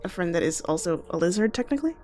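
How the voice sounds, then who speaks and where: Woman player, friendly and a bit hesitant, pitch jumps around, little music behind. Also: lively intonation, fast talker, darkish tone. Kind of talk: in-character tabletop play.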